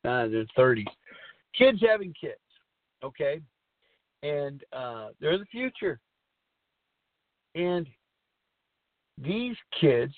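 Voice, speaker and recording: A middle-aged man with a fairly high voice hosts a recovery-themed talk show, rambling sincerely and repeating himself. The audio has no room sound but comes through a tinny, phone-like line.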